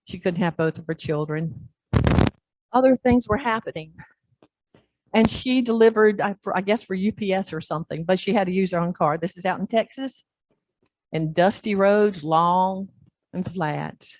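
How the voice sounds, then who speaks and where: A woman pastor preaching in church, telling a story in an animated way and acting out the scenes. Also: mid-range voice, moderate pace. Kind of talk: sermon storytelling.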